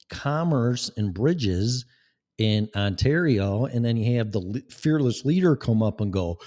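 A man's voice: medium pitch, animated, measured pace, mellow. A man delivering a profane, sarcastic political rant as a vlogger. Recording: long echoing reverb.

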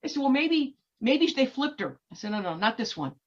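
Woman, middle-aged, fairly high voice, animated storyteller, dull lo-fi sound. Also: a little fast. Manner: animated, many repeated restarts. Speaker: activist guest. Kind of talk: storytelling interview. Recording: dull lo-fi recording.

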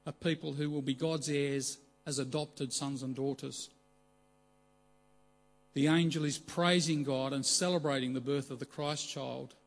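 A man preaching a measured, earnest sermon, slowing down for emphasis. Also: a little high.

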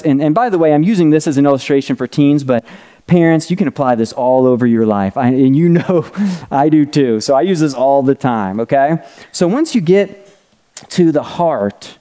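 Man, pastor, teaching sermon at a whiteboard, conversational, keeps asking okay and right, warm, resonant. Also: on the high side. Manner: conversational, drawing while talking, checking in with "right?" and "okay?".

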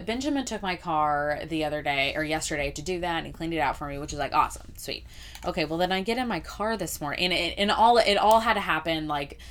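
A young woman co-hosting a podcast, telling a story in casual chat, animated and full of swearing, "like" and "whatever". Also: low-pitched. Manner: animated, swears a lot, says "like" and "whatever" often. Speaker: podcast co-host.

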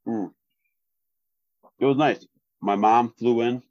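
A man, co-hosting a casual podcast chat in a flat, deadpan way with lots of fillers. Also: mid-range voice, slow pace, dry recording, highs cut off. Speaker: podcast co-host.

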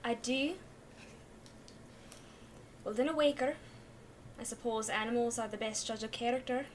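A woman voicing a gruff young female adventurer with a Scottish accent and a clipped, brusque way of talking. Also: on the high side, moderate pace, a little hiss or hum, close to an everyday voice.

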